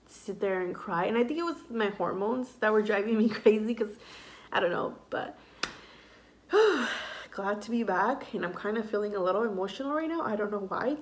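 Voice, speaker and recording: A young woman and mother talking casually and emotionally to her vlog audience, rambling with lots of fillers. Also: mid-range voice. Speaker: vlogger, mother.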